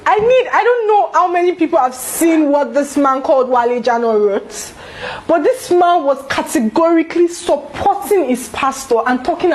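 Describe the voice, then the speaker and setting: A woman's voice: high voice, a little hiss or hum, rough recording. A young Nigerian woman vlogger giving an indignant, emphatic opinion piece full of rhetorical questions. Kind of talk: opinion vlog commentary.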